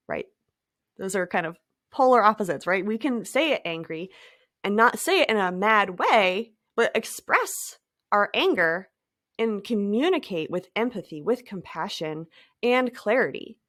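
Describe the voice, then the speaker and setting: A woman hosting a reflective spiritual talk, speaking gently and thoughtfully with light laughs and trailing phrases. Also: medium pitch, lively intonation, a little slow, no room sound, clean studio sound. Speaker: podcast host.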